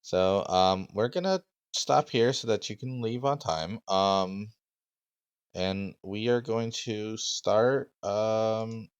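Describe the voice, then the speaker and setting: Slow, very low-voiced man running a game. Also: clean tone, dry recording, dull audio. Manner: halting, many ums and uhs. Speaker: game master and streamer. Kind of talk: casual game mastering on stream.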